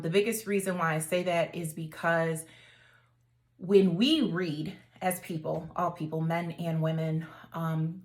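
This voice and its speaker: A woman talks straight to her viewers in a casual vlog. Her voice sits a little low, and she stays animated and conversational, calling them y'all. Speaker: dating vlogger. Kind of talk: casual talk to camera.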